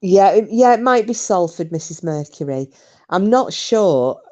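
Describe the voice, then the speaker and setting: A woman's voice: medium pitch, lively intonation, unhurried, darkish tone, muffled recording. A middle-aged woman, hosting a live stream and chatting casually with viewers, rambling and swearing freely. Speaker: livestream host reading chat.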